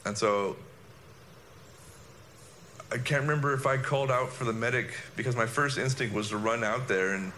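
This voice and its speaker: A man, a former soldier recounting an incident in a halting, reflective personal monologue. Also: on the low side, sharp tone, a little hiss or hum.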